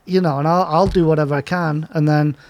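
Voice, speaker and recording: A man, a skateboard graphic artist, talking in an easygoing, casual podcast chat, laughing often and getting animated when he quotes other people. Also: on the high side, fairly quick, no echo.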